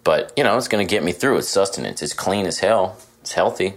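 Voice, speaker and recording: Low-voiced male host, loose and profane, talking off the cuff. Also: animated, fairly quick. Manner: rambling, self-deprecating, profane. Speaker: podcast host. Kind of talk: casual monologue. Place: hotel room.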